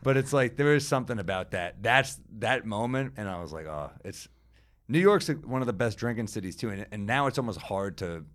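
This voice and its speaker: A man in his thirties hosting a podcast, musing in a low-key casual way. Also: lively intonation, fairly quick, fairly bright tone. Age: 30s. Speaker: podcast host.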